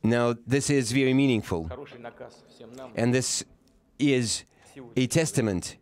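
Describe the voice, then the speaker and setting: A man giving a live interpretation of a formal speech, halting and often pausing to correct himself. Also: medium pitch. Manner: halting, with frequent pauses and self-corrections. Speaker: simultaneous interpreter.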